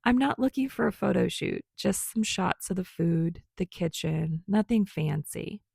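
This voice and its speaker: Brief: bright upbeat young guy, teasing and friendly, read by a woman, gravelly edge. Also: lowish voice, expressive, measured pace, dry recording, clean studio sound, full character voice. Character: cheerful, friendly young man photographer.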